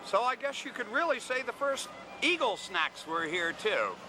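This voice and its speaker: Wry, high-voiced male tour guide. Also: very animated, moderate pace. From American South. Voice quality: wry, joking storyteller. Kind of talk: walking tour commentary. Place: outdoors at a city market. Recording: loud outdoor street noise.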